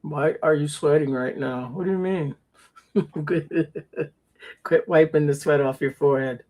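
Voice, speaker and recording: Casting: male co-host, slightly high voice, laughs a lot, loose and profane. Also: unhurried, darkish tone. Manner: laughing, loose, swears casually. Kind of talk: casual chat.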